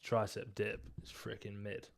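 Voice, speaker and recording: Young man, fairly low voice, opinionated, joking, casual podcast co-host. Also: monotone, a little slow, gravelly. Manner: opinionated, joking, leads the ranking. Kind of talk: casual gym chat.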